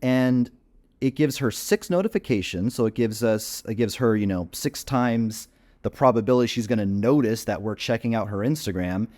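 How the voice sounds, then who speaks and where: A man's voice: medium pitch, moderate pace, a little mellow. A man giving a screen-share tutorial as a dating coach, casual and full of fillers while he clicks through screens.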